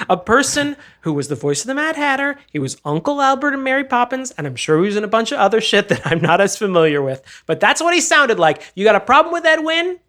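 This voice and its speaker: A woman co-hosting a casual podcast chat. She talks in an animated way, swears often and laughs mid-sentence. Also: mid-range voice, quick pace. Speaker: podcast co-host.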